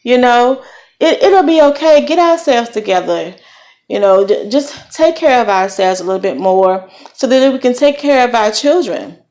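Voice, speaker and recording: This vlogger is a middle-aged Virginian with a light Southern accent, speaking at normal speed in a slightly high, expressive voice. She dispenses warm, preachy parenting advice peppered with folksy phrases.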